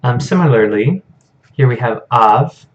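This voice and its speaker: A man's voice: mid-range voice, animated, a little slow, dull audio. A man teaching a Hebrew grammar lesson over a shared screen, explaining patiently in a casual way with frequent fillers.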